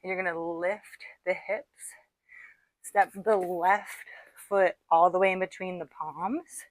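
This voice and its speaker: A woman's voice: lowish voice, steady tone, takes it slowly, dry recording. A woman leading a guided workout, counting out reps and encouraging her class while a little out of breath. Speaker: fitness instructor.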